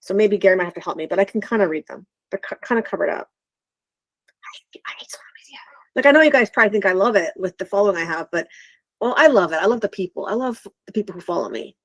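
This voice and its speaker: A woman's voice: mid-range voice, expressive, rapid-fire, a bit bright, dry recording. A woman, an author hosting a livestream, chatting in a bubbly, enthusiastic, slightly scattered way. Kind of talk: casual live chat.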